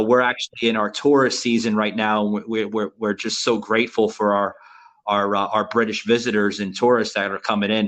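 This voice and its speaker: A man from Florida co-hosting a podcast, speaking haltingly with repeated words and constant you-knows. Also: fairly low pitch, fairly bright tone, poor audio. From Florida, USA. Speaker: podcast co-host. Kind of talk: casual podcast interview.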